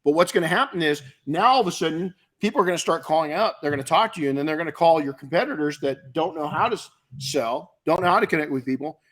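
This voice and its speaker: A man's voice: on the high side, quick pace, hardly any pauses, fairly bright tone. A middle-aged man from the United States hosting a podcast, answering listener questions in blunt, emphatic, repetitive coaching talk. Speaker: podcast host and detailing business coach. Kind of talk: casual Q&A advice talk.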